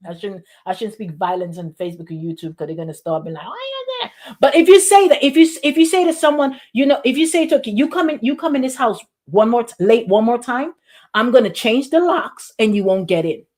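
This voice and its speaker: A woman pastor preaching in a lively, repetitive style, acting out quotes along the way. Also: fairly high pitch, brisk. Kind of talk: sermon.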